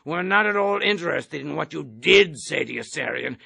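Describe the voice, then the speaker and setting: A man's voice: fairly high pitch, animated, normal speed, creaky, pushed and bright, breathy edge, exaggerated voice. A man playing a barking army major. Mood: bullying. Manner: barking, sneering interrogation. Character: blustering bullying male army major.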